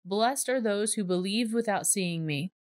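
A woman voicing a calm, gentle male teacher speaking to his followers, in a steady, earnest reading voice. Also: mid-range voice, measured pace, no room sound, studio quality, close to an everyday voice.

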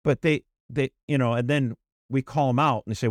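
A man co-hosting a political talk podcast, speaking in an emphatic, animated way with frequent restarts. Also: mid-range voice, fairly quick, no room sound, clean studio sound. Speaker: podcast co-host. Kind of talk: casual political chat.

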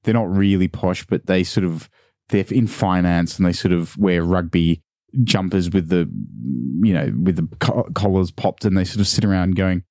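A man's voice: low-pitched, steady tone, moderate pace, a little mellow, no room sound, studio quality. A young Australian man chatting casually on a podcast, who likes slipping into put-on posh voices while telling stories. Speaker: podcast guest. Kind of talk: casual chat.

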